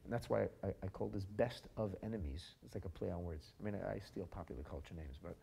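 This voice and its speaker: A man giving a podcast Torah lecture, an expressive storyteller who moves from quiet to loud and weaves in Hebrew and Aramaic phrases. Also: low-pitched, fast talker, gravelly, a little hiss or hum. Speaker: Torah teacher.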